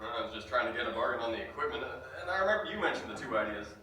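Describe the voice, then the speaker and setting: A man's voice: mid-range voice, expressive, pushed and bright, slight background noise. An actor playing a businessman who reports matter-of-factly on a property deal. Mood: businesslike. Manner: brisk, matter-of-fact, with "uh" fillers. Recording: distant echoey room.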